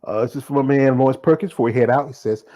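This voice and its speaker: A Southern American man hosts a loose, casual show wrap-up. He talks quickly and stumbles through restarts and fillers like "you know" as he goes. His voice sits at an ordinary middle pitch for a man. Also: mellow. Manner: fast talking with many fillers and restarts. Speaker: show host.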